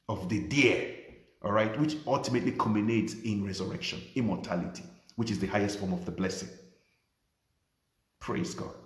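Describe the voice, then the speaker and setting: A man's voice: on the low side, roomy sound. A man preaching as a pastor, emphatic and repetitive, pressing key phrases harder each time he repeats them. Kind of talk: livestreamed sermon.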